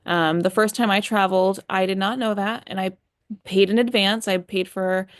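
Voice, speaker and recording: A woman's voice: medium pitch, steady tone, normal speed, no echo, studio quality. A young woman hosting a live chat, answering viewer questions in a friendly, reassuring way with lots of fillers.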